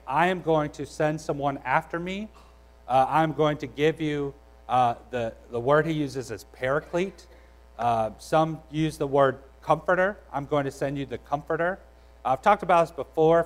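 A man's voice: on the high side, low-quality recording. A young adult man preaching a sermon in a conversational, storytelling way, with frequent restarts. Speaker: pastor.

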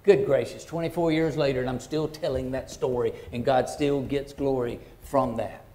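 A middle-aged man, a pastor telling a personal story in a sermon in a folksy, heartfelt way that swings from hushed to loud. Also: mid-range voice, steady tone, normal speed.

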